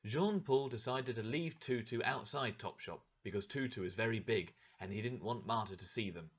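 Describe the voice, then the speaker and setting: A man narrating a story for English learners with a clear, expressive reading. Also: mid-range voice, normal speed, highs cut off.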